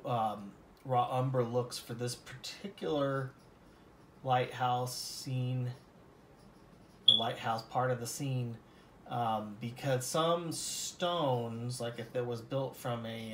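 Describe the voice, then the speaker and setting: A man's voice: medium pitch, roomy sound, a little hiss or hum. A man from Colorado giving a casual oil painting lesson, rambling and self-deprecating, with many fillers. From Colorado, USA.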